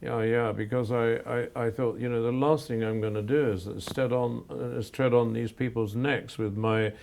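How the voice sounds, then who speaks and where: Older male photographer from England, gravelly and mellow, earnest and reflective. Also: medium pitch, steady tone. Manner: earnest, measured, with frequent restarts. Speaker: photographer guest. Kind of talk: reflective interview answers.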